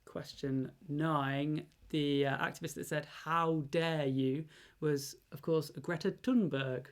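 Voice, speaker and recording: In a casual quiz answer readout, a woman with a low voice co-hosts and reads out the answers in a deliberate, measured way.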